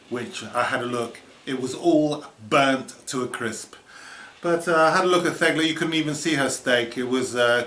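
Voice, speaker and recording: A man's voice: medium pitch, fairly bright tone. A middle-aged man, casually reminiscing about a trip in a rambling, chuckling way, full of "you know". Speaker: storyteller recalling a trip. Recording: roomy echo with faint background noise.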